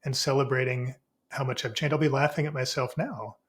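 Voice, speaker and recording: A man, a spiritual teacher, explaining ideas in relaxed conversation and acting out inner voices in sudden high exclamations. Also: fairly quick. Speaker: podcast guest, spiritual teacher.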